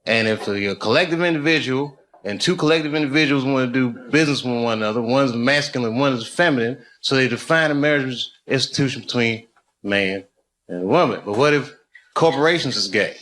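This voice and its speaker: A man's voice: medium pitch, fairly quick. A man doing stand-up crowd work, riffing loosely and profanely with the audience at a live show. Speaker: stand-up comedian. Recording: live club show, loud background noise. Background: audience laughter.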